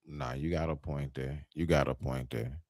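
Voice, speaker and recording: A man hosting a laid-back live stream, his voice very low. He talks in slang and chimes in with short agreeing remarks. The recording is dry, with the mic close. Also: fairly even intonation, moderate pace, darkish tone, no room sound. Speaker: podcast host. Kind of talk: casual live-stream chat.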